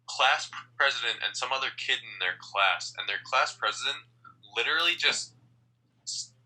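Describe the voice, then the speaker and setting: A man's voice: mid-range voice, moderate pace, sharp tone, rough recording. A man appearing as a podcast guest, chatting easily with short, agreeable replies. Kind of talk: casual chat.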